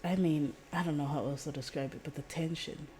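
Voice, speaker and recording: A woman's voice: deep voice, fairly even intonation, a little fast, a little mellow, slight background noise. A woman streamer chatting casually, rambling and giggling often, with casual swearing. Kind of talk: casual chat.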